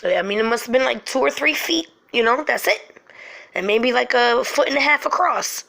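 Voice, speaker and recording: A middle-aged woman hosting a show, telling a true frightening story from her life in an animated, emotional way full of fillers. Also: fairly high pitch, normal speed, gravelly. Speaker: host. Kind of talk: personal storytelling.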